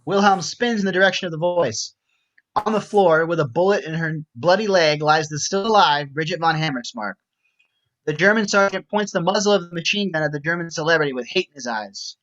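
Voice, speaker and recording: A man reading stage directions aloud in a steady, matter-of-fact way. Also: a little high, brisk, muffled recording. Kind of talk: script reading narration.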